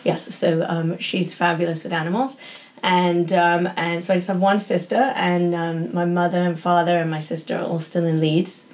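A woman's voice: lowish voice, flat delivery, normal speed. Chatty woman guest. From northern England. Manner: chatty, laughs easily. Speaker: guest, pediatric doctor. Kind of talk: casual interview chat.

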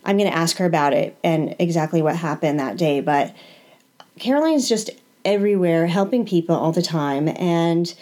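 A woman's voice: lowish voice, moderate pace, dark tone. A woman hosting a radio interview, introducing her guest at length with many fillers. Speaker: radio show host.

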